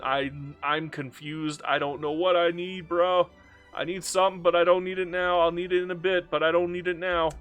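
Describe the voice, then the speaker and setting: Casting: male gaming commentator, slightly high voice, animated and self-talking, faint music bed. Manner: excitable, joking, frequent self-talk and repetition. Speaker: gaming YouTuber. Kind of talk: let's play commentary.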